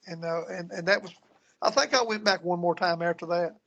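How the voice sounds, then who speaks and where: A brisk man with a high voice, vocal fry, and a somewhat bright tone talks casually as a guest paranormal investigator. His ghost-hunting tales ramble, with repeated words and restarts, and the high frequencies are cut off.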